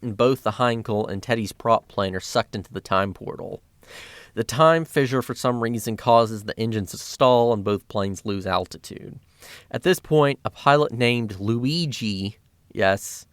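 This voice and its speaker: A man's voice: lowish voice, clean tone, dry recording. A man narrating a scripted video essay as a film critic, with dry, sarcastic commentary.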